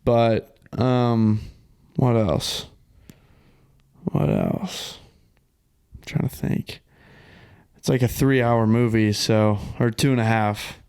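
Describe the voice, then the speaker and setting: A man's voice: medium pitch, slow pace, long pauses, a little mellow, clear, resonant tone. A young man co-hosting a podcast, talking casually about a movie, laid-back and full of "like" fillers. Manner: laid-back, filler-heavy, says "like" constantly. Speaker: podcast co-host. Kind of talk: casual movie reaction chat.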